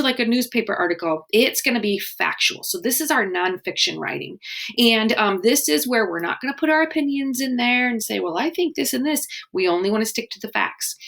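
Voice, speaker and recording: A woman leads a children's writing webinar in a friendly, encouraging way. Her voice has a gravelly edge and sits at a middle pitch. She slows right down to sound out words syllable by syllable. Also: a bit bright.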